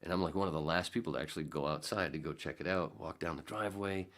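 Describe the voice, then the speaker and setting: A man's voice: rumbling low, fast talker, fairly bright tone. A man hosting a podcast, telling a rambling story in a casual way, swearing freely and acting out scenes with sudden jumps in his voice. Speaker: podcast host.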